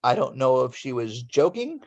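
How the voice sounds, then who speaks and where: Guy in his 40s from LA spinning a wild kid story, lively, plays out every voice, mid-pitched. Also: normal speed, highs cut off. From Los Angeles. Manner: animated storyteller, acts out the voices. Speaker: guest. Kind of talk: telling a childhood story.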